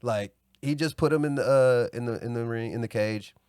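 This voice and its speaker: A man co-hosting a podcast, telling a story in casual chat and acting out yelled quotes with lots of laughter. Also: medium pitch, fairly quick, smooth, no room sound, clean studio sound. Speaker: podcast co-host.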